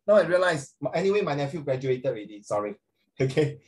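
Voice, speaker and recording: A middle-aged man with a Singaporean accent, tutoring a class online, animated and calling on students by name. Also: on the high side, fast talker. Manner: animated, code-switching, questions students by name.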